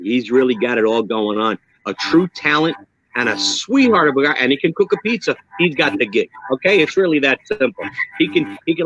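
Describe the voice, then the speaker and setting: A man with a New York accent, a drummer being interviewed on a video call, talking in an animated, emphatic, joking way. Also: medium pitch, a little fast, lo-fi sound, faint music behind. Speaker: guest drummer. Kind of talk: casual interview chat.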